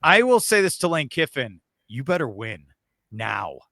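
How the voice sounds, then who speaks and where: An excitable man jokes his way through football talk on a sports show. His voice is bright and somewhat gravelly, and it swings widely in pitch. The sound is dry and close. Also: unhurried, dry recording. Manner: excitable, joking.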